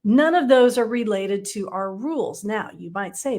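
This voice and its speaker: A woman's voice: medium pitch, expressive, moderate pace, few pauses, darkish tone. A woman from Texas, teaching counseling supervisors in a casual live stream, chatty and blunt, often tagging "right?" onto her points. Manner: chatty, frequent "right?" tag questions; blunt, playful asides.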